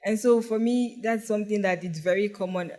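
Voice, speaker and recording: A man's voice: high voice, a little fast, warm tone. A man on a discussion panel, a teacher, speaking earnestly and a little hesitantly, with fillers.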